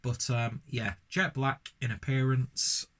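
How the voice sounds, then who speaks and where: A man's voice: medium pitch, flat delivery, takes it slowly, a bit bright. A man casually reviewing a beer, rambling with lots of fillers and restarts.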